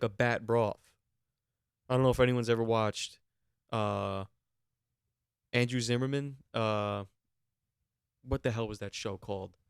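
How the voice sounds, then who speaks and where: A man's voice: fairly low pitch, smooth, no room sound, clean studio sound. A man hosting a podcast alone, ranting comically with big jumps into incredulous, raised questions while holding a handheld mic. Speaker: podcast host. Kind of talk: solo comedic rant. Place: alone in a small room.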